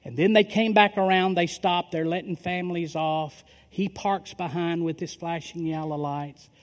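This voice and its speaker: A man's voice: fairly high pitch, steady tone, normal speed. A middle-aged male pastor telling a story in a sermon, acting out the dialogue of the people in it. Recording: long reverb of a large hall.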